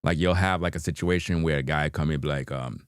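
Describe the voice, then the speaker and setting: Brisk and clean-toned, a deep-voiced New Yorker chats loosely with his stream while reacting to videos, chuckling and dropping "you know what I mean" again and again in easygoing slang. There's no echo, and the sound is studio grade.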